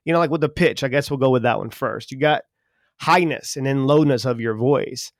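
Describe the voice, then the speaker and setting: A man from Charleston, co-hosting a podcast in casual chat; he talks fast and folksy, with jokes. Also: mid-range voice, no echo, clean studio sound. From Charleston, South Carolina, US. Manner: talks fast when excited, folksy and joking. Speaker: podcast co-host.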